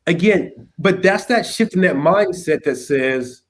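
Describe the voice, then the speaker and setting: A man speaking as a youth pastor guest in a casual conversation, animated, acting out little quotes and often checking in with "right?". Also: high voice, unhurried. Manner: animated, acts out quotes, keeps asking "right?".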